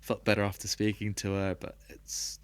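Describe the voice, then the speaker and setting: A man with a very deep, low voice speaks as a podcast guest. His talk is candid and reflective, and soft laughs break into it now and then. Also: completely flat delivery, moderate pace, smooth, no echo. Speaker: podcast guest, rugby player.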